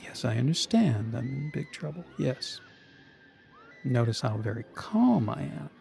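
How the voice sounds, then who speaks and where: A man playing a falsely calm guy on the phone. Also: mid-range voice, faint music behind, heavily acted. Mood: forced calm. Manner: hushed, breathy, deliberately slow. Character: man forcing calm during a phone bill call. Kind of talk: comedy sketch.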